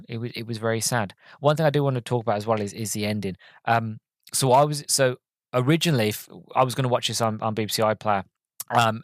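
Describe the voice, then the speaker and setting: A man's voice: fairly low pitch, no echo. Emotional man reviewing a film. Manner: emotional, enthusiastic, rambling. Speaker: podcast host. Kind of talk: casual film review monologue.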